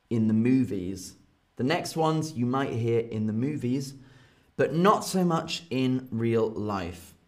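A young man with a British accent teaches English words in an unhurried, deliberate way, drawing each example out slowly. He keeps a playful tone and chuckles at his own silly phrases, in a casual live-stream lesson. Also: medium pitch. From Britain. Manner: slow, playful, often laughing at his examples.

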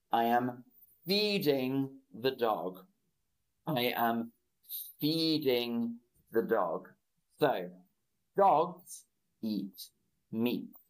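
Very slow-speaking male English teacher. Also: medium pitch, poor audio. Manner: slow, repetitive, greets chat viewers by name. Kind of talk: slow live-stream English lesson.

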